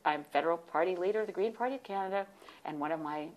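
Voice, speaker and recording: A woman in her sixties telling stories as a guest in an interview, animated and warm, with laughs. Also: lowish voice, quick pace. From United States. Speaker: guest, party leader. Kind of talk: storytelling in interview.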